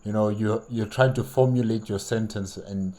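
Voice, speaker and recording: A man's voice: lowish voice, steady tone, normal speed, dark tone. A man hosting a reaction video, easygoing and supportive, explaining things casually. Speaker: reaction channel host.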